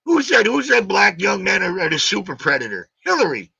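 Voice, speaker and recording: A man's voice: sits high, huge pitch swings, a little fast, vocal fry, hardly any pauses, bright, forceful tone, slightly rough, dry recording. A man hosting a live stream, ranting combatively in a heated argument and hammering his points with repeated questions. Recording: dull lo-fi stream audio.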